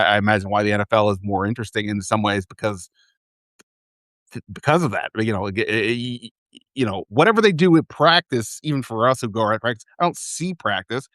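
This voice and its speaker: This podcast host has a fairly low, somewhat bright voice, recorded with studio quality and no room sound. Chatting casually about sports, he rambles, corrects himself, and restarts often as he thinks aloud.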